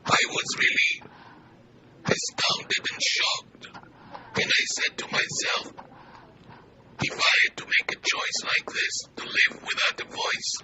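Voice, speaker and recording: An older man with an Israeli accent and a whispery, weak voice, speaking earnestly in short measured phrases in an interview. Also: background noise. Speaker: physician interviewee.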